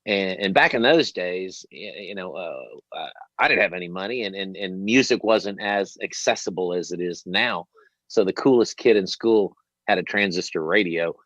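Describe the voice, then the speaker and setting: A man hosting an interview, telling a long story in a rambling, animated way and swearing freely. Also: deep voice, dry recording. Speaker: host. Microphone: headset. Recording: dull lo-fi dry sound.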